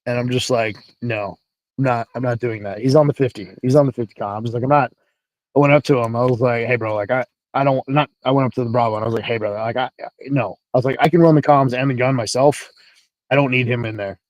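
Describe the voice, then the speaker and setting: A man telling a military story in casual talk, animated and profane, acting out the dialogue. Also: medium pitch, quick pace, no room sound, low-quality recording. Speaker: guest, military veteran.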